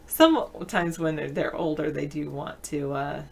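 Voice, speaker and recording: A woman with a low, creaky, somewhat mellow voice hosts a casual live video chat at a measured pace, reading viewer comments aloud and answering them. She laughs often, even mid-sentence, and there's slight background noise.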